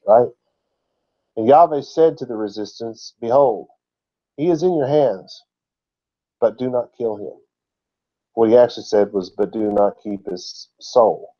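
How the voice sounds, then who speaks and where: A man's voice: medium pitch, a little slow, long pauses, dark tone. Man teaching scripture, lo-fi sound. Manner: explanatory, conversational, with rhetorical questions. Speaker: Bible teacher. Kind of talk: sermon-style Bible teaching.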